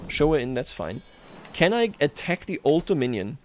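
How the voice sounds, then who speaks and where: A man's voice: on the high side, very animated, normal speed, a little hiss or hum. Chatty man streaming a strategy game. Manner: chatty, self-mocking, chuckles often. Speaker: livestreamer. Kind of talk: casual gameplay commentary.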